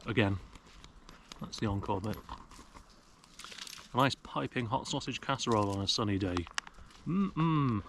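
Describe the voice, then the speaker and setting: A man's voice: on the low side, normal speed, gravelly, pauses often, a bit bright, a little hiss or hum. Wry British man chatting in the woods. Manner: wry, self-mocking, rambling jokes. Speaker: outdoor vlogger. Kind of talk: casual chat to camera. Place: woodland outdoors. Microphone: action camera.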